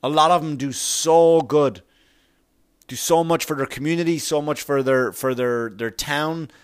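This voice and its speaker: A man's voice: fairly high pitch, a little slow, clear, resonant tone. Profane ranting New man. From Long Island, New York. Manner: blunt, profane, ranting, acts out voices of others. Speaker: comedian. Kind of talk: profane comic monologue.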